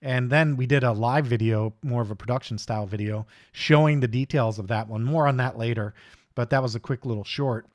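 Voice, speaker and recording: A man's voice: medium pitch, a little fast, no echo, clean studio sound. A middle-aged man hosting a live hobby stream, chatting casually in a rambling, easygoing way and greeting viewers by name. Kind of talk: casual livestream chat.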